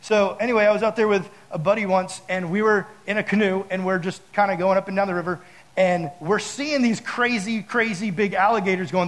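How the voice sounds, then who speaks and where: A man with a fairly high voice gives a relaxed, chatty sermon full of fillers and asides. He acts out his own stories with loud, high bursts of mock panic. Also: a little fast, low-quality recording. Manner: talks straight to the audience with many fillers. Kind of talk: casual sermon with storytelling.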